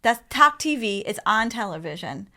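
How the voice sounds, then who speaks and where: A woman's voice: medium pitch, very animated, normal speed, pushed and bright. A woman in her fifties hosting a podcast, bubbly and jokey, gushing over her guest. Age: 50s. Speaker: podcast host. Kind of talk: casual chat.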